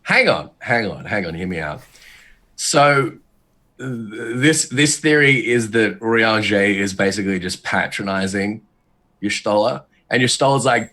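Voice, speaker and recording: A man talking in a casual podcast, rambling with many restarts and getting animated as he speculates. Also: on the low side, a little slow. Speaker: podcast guest.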